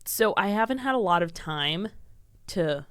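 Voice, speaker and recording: A woman's voice: fairly low pitch, lively intonation, unhurried, fairly bright tone, smooth, no echo, clean studio sound. A young woman with an American accent, a podcast guest chatting candidly and swearing casually. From Scotland. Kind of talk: casual chat.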